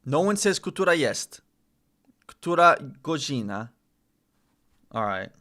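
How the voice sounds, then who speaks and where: Bright-voiced man thinking aloud. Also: on the high side, big pitch swings, takes it slowly. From United States. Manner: thinking aloud, repeating phrases, self-correcting. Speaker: streamer learning Polish. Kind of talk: casual live-stream self-study.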